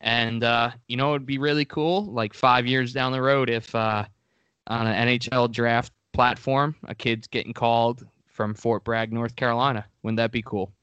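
A man's voice: mid-range voice, fairly even intonation, moderate pace, fairly bright tone, smooth, dry recording, highs cut off. A man co-hosting a podcast in a laid-back, casual way, full of "dude" and "like," close to a studio microphone. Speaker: podcast co-host.

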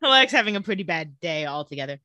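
A young woman co-hosting a podcast, recapping a TV episode in a casual, playful way. Her voice is bright and crisp, with pitch that rises and falls all the time. She is recorded close in a dry room with no echo. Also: big pitch swings, rapid-fire. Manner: chatty, playful, laughs easily. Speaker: podcast co-host.

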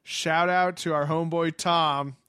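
His voice sits a little high, clear and resonant, fairly bright, with a steady tone and measured pace. The studio-quality recording has no room sound, made with headphones and a studio mic as he co-hosts a podcast from home, chatting casually, laughing often and swearing without restraint.

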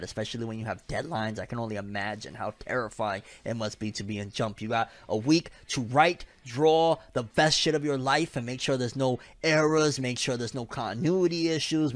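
A young man hosting a casual anime and manga news vlog, animated and slangy with joking asides. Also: mid-range voice, no echo.

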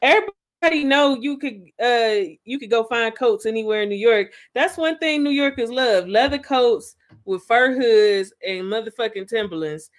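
Blunt woman co-host, slightly high voice. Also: expressive, normal speed. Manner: blunt, profane, dry commentary. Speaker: podcast co-host. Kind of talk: casual reality-TV recap chat.

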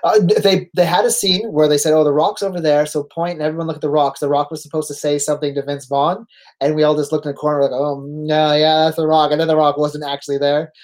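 A man's voice: fairly high pitch, level tone, fast, darkish tone. A man in his forties with a Canadian accent, a veteran pro wrestler telling casual stories as a guest, acting out quoted lines and laughing easily. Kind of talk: casual storytelling chat.

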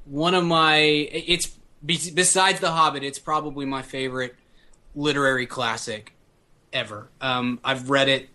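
A man's voice: medium pitch, fairly even intonation, unhurried, bright, forceful tone. A man chatting casually on a podcast, hesitant and searching for words. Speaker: podcast co-host.

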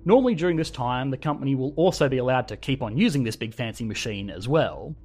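Lively Australian man explaining finance. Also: mid-range voice, fast talker, breathy edge. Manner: lively, conversational, emphatic delivery. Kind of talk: scripted explainer narration. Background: faint background music.

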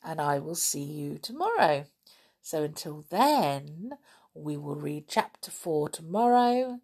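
A woman reading a children's book aloud, then chatting in a gently enthusiastic way to her listeners. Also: low voice, big pitch swings, takes it slowly, husky. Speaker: storybook reader.

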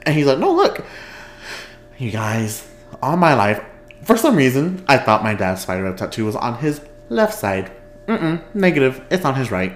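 A man's voice: medium pitch, sing-song, moderate pace, faint music behind. A man hosting a podcast in casual chat at home, rambling, getting sidetracked and laughing often. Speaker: podcast host. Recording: echoey room.

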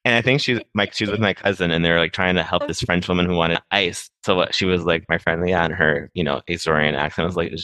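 A young man from Massachusetts, a guest on a podcast, speaks quickly with a deep but bright, forward voice. He rambles casually, piling on "like" and quick laughs, recorded close and dry. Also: steady tone, no echo. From Massachusetts, USA. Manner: rapid, rambling, heavy use of "like", quick laughs. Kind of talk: casual conversation.

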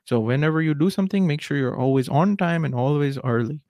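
A man's voice: fairly high pitch, fast talker, a little mellow, no echo, close to an everyday voice. A young man putting on an Indian accent to imitate his strict father, who lectures firmly about being early. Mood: lecturing. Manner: firm, lecturing.

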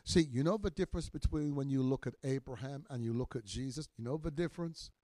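A man's voice: mid-range voice, quick pace, dry recording. Emphatic older man preaching. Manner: emphatic preaching, rising loud on key words; repeats phrases for emphasis. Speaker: minister. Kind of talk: podcast sermon teaching.

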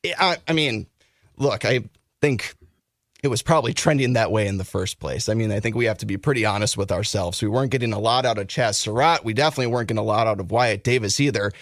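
A man co-hosting a sports talk podcast, excitable, rambling through opinions and breaking into flustered apologies. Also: on the low side, quick pace, dry recording, studio quality. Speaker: podcast co-host.

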